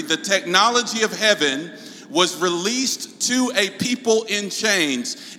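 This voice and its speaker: A man from North Carolina with a Southern accent, preaching to a congregation with call-and-response and the odd shout. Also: high voice. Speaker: guest preacher. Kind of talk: preaching talk. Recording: hall reverb.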